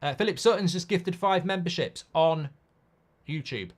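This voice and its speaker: A man with a fairly high voice speaks at a normal pace. He's hosting a live football watchalong, casual and blunt, reacting to the match and reading out viewer comments in between.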